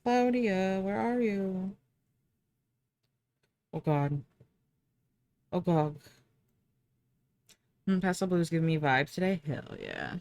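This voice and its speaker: A woman's voice: fairly low pitch, slow pace, pauses often, a little mellow, no echo. A young woman streaming live, chatting casually with viewers while she draws, sleepy and yawning. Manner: chatty, bubbly, talks to chat and herself.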